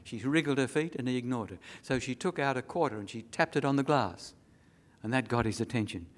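A man's voice: mid-range voice, fairly quick. Male preacher, sermon delivery, earnest storyteller, emphatic.

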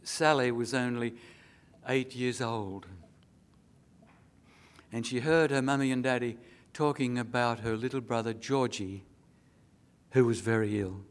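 A man's voice: medium pitch, steady tone, unhurried, long pauses. A man preaching a sermon, telling an earnest story and making emphatic appeals.

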